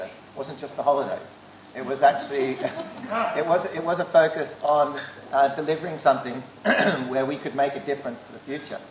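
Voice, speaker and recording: A middle-aged Australian man, an educator, telling stories from his past as a guest in an interview, lively and anecdotal with frequent self-corrections. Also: medium pitch, a little hiss or hum. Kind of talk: storytelling in an interview.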